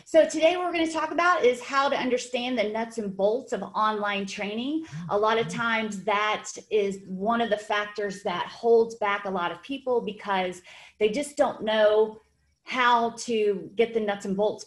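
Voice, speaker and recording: A woman hosting a webinar for fitness trainers, with an upbeat, encouraging, conversational manner. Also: mid-range voice. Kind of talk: webinar presentation.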